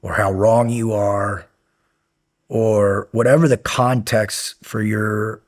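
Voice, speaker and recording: A former Navy SEAL guest telling a story in a casual, animated way, acting out the dialogue and restarting sentences as he goes. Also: lowish voice, slow pace. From United States. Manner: animated, acts out quoted dialogue, many restarts.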